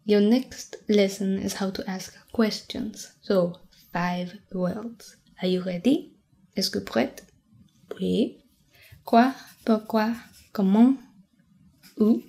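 A woman in a whispered role-play voicing a playful young French woman who teaches a friend French, with a French accent, soft and teasing. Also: medium pitch, steady tone, slow pace, creaky. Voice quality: soft, mostly whispered voice, giggly. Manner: gentle, teasing, chatty.

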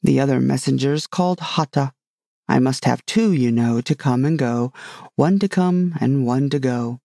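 A man's voice: medium pitch, normal speed, creaky, warm tone, no echo, clean studio sound, natural voice. A man voicing a fretful, impatient old king in a storybook reading. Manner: fretful, impatient, literal-minded.

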